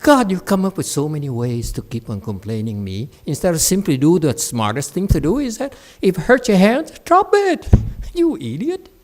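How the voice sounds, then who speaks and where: A man's voice: fairly high pitch, very animated, fairly quick, few pauses, a little mellow. A man, a Buddhist monk, giving a dharma talk to his class in a blunt, scolding and mocking way. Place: meditation center.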